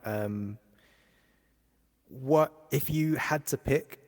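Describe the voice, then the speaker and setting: A man's voice: medium pitch, drawn-out words. A man hosting an interview, asking easygoing, rambling questions in casual chat. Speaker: podcast host, interviewer. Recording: long echoey reverb.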